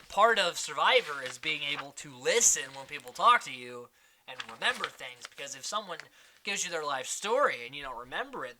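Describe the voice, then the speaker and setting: A man hosting a casual recap, chatting quickly and mimicking the people he quotes. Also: fairly high pitch, bright, forceful tone. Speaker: podcast host recapping a reality show.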